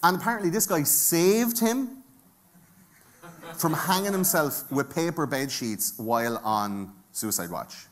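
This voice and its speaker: A man's voice: a little high, expressive, unhurried, a crowd in the background. A man with an Irish accent giving a jokey, profane conference talk and bantering with the audience from the stage. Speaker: conference speaker. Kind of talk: comedic live talk.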